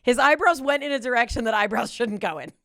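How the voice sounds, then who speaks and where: A woman's voice: fairly high pitch, expressive, quick pace, a bit bright, no room sound, studio quality. A woman hosting a podcast, running a playful banter game, teasing and self-mocking and laughing often. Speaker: podcast host.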